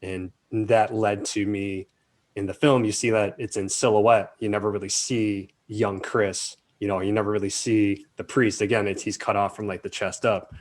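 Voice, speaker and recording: A man in a casual interview, recalling his career in a relaxed, talkative way. He slips into quoted voices as he tells stories, and his voice sits on the low side. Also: normal speed. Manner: animated storyteller, acts out quotes. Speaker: film director, interview guest.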